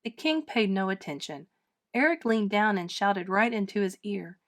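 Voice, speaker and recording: A woman reading a children's storybook aloud with dramatic, expressive narration. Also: mid-range voice, moderate pace. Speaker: storybook reader. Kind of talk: children's book read-aloud.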